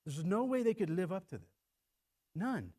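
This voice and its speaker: Middle-aged male pastor, animated sermon delivery, slightly high voice with a wide, lively range. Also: normal speed. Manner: animated, acts out quotes in shifting voices. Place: church.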